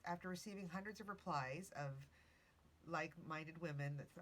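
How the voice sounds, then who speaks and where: A woman's voice: sits low, a little fast. A woman hosting a casual podcast. She tells a story while reading from notes, correcting herself and adding chatty asides. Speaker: podcast host.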